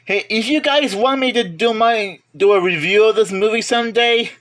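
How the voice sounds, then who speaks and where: A man's voice: high voice, normal speed, fairly bright tone. A man casually showing off his home media collection, listing titles one by one with chatty asides and self-corrections. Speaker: collector vlogger. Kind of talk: casual show-and-tell of a collection.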